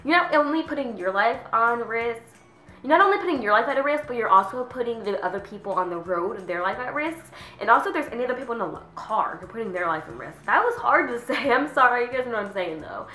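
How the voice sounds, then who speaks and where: A woman's voice: lively intonation, fast talker, a bit bright. Chatty teenage girl ranting with echo. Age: teens. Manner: chatty, says "like" constantly, acts out quoted people in a higher voice. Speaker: vlogger. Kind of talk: casual ranting vlog.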